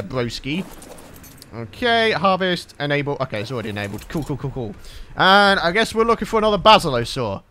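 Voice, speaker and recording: A British man commentating a game he is playing, excitable and prone to panicked shouts and yelps. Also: sits high. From Britain. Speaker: gaming channel host. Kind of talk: let's play commentary.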